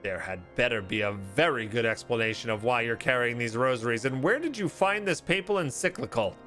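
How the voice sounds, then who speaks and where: A man's voice: medium pitch, animated, brisk, bright, forceful tone, faint music behind. A man playing a stern knight commander. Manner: formal, commanding, archaic speech.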